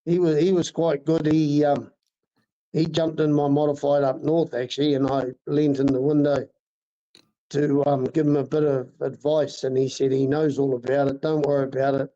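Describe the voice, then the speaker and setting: A middle-aged man, a racing driver talking haltingly in a casual interview. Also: a little high, little pitch movement, dark tone. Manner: halting, many fillers and restarts. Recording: dull lo-fi sound.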